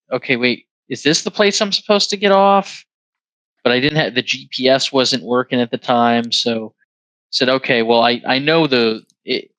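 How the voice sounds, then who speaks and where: Bright-voiced man telling a story. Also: medium pitch, no room sound. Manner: laughs along, halting storytelling. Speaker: podcast co-host. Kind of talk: casual chat.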